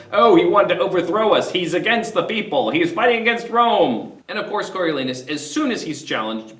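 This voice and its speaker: A man hosting a casual, animated play summary, retelling scenes with quick put-on voices. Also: fairly high pitch. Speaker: literature discussion host. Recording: roomy echo, mic at a distance.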